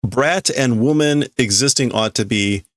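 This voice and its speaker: A gravelly, low-voiced man hosts a live stream where he reads and translates a manga aloud, hesitating and reasoning through the words. He talks at normal speed, and the studio recording is dry and clean.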